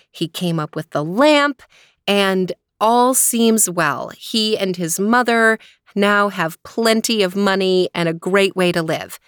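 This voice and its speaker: Slow, gentle woman storyteller. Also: medium pitch, no room sound, clean studio sound. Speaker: storyteller host. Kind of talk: storytelling podcast.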